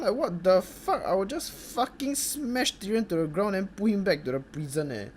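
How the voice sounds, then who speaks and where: A man's voice: high-pitched, expressive, normal speed, slight background noise. A young Singaporean man with a Singaporean accent, giving a sweary, mocking comedic review full of Singlish slang. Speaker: video reviewer.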